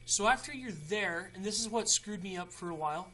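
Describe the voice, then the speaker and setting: A man's voice: high voice, brisk, sharp tone, slight background noise. A young man hosting a casual how-to video, chatty and rambling with frequent restarts. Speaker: tutorial host.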